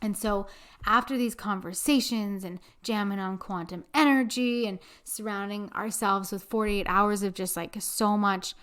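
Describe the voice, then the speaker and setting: A woman's voice: mid-range voice, unhurried, clean tone. Earnest woman podcast host. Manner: earnest, animated storytelling with fillers and laughs. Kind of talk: casual spiritual podcast monologue.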